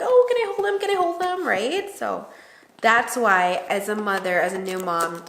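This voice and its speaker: Woman, new mom, casual vlog chat, lively storytelling, mid-pitched, echoey room. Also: a little hiss or hum. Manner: animated storyteller who acts out quoted dialogue. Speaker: new mother vlogging with her husband. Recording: roomy echo.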